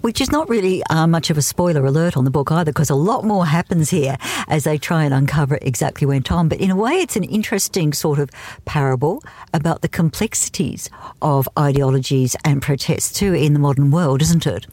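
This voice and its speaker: A man's voice: on the high side, a little fast, a little mellow, no echo. A man interviewing an author, asking leading, conversational questions.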